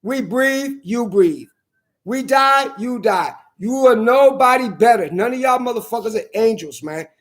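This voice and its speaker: A man in a furious, profane rant, repeating himself and shouting at times. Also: very high-pitched, animated, measured pace. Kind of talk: angry profane rant to camera.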